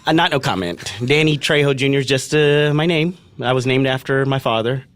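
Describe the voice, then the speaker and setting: A man playing an evasive appetizer chef who talks haltingly with many pauses. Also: medium pitch, a bit bright, lightly acted. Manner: halting, full of uh's, evasive. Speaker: improvised character guest.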